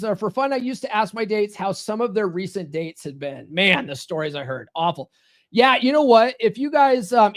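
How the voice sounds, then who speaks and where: A man hosting a live podcast as a dating coach, chatting casually, reading viewer comments and swearing freely as he rambles through stories. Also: sits high. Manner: profane, rambling, animated storytelling. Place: home studio.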